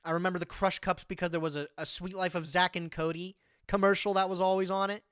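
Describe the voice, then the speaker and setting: Talking fast in a clean tone, this streamer in their twenties keeps things animated and slangy on a live stream, saying "bro" a lot while reading online text aloud with remarks. The pitch is medium, and the recording is dry with clean studio sound.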